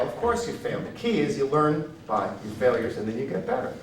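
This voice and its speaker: A man performing a one-man stand-up show, telling brash stories that swing between loud punchlines and quiet asides. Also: mid-range voice, very animated, brisk, hardly any pauses. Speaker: stand-up comedian. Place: stage in a theater. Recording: roomy, distant live stage recording with noise.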